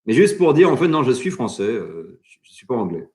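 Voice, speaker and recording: A man's voice: mid-range voice, big pitch swings, fast talker, a little mellow. A man from France with a French accent, hosting a cooking channel live stream in casual chat, reading out and answering viewer comments. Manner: chatty, reads viewer comments aloud and answers them.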